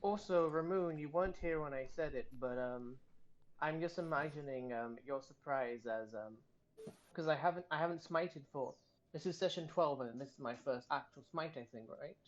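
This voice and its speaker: A tabletop game player chatting casually, halting with many fillers. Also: medium pitch, dull audio.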